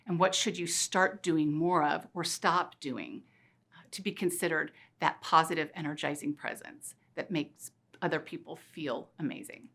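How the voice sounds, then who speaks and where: Bright-voiced playful woman speaker. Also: low-pitched, normal speed. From Missouri. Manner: energetic, playful storyteller with rhetorical questions. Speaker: keynote speaker. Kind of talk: motivational talk. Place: conference stage.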